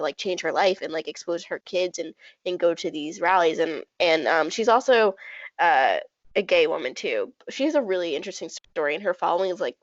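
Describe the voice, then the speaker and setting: A woman co-hosting a podcast in casual chat, talking quickly and animatedly with frequent fillers. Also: on the low side, no echo. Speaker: podcast co-host. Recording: dull dry lo-fi sound.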